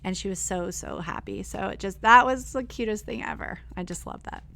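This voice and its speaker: A woman's voice: mid-range voice, a little fast, creaky, fairly bright tone. A female teacher and co-host. She chats casually and supportively, with lots of fillers. She is recorded in a school STEM lab. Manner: chatty, supportive, full of fillers. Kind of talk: casual chat.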